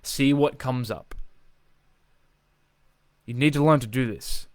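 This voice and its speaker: A man coaching in a live, unscripted video, talking with energy and driving points home by repeating himself, swearing as he goes. His voice is smooth and resonant at a middling pitch. The sound is dry and close. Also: slow pace, dry recording. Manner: energetic, emphatic, swears freely, repeats phrases for emphasis. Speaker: social confidence coach.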